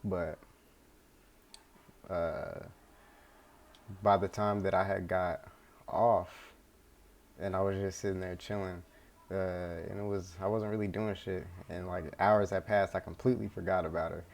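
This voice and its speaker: A man's voice: deep voice, fairly even intonation, a little slow, vocal fry, pauses often. A young man casually telling a story from his life, rambling, laid-back and full of swearing, recorded at home.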